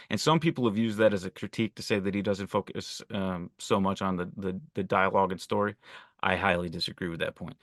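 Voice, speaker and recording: A man's voice: deep voice, fairly bright tone, no room sound, studio quality. A man talking about a film on a podcast, enthusiastic, restarting his sentences and speeding up in bursts. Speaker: podcast co-host. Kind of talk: casual film discussion.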